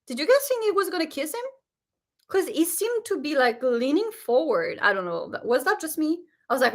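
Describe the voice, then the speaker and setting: A woman hosting a casual reaction vlog, talking straight to her viewers in an animated, indignant way. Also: high-pitched, normal speed. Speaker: show reaction host.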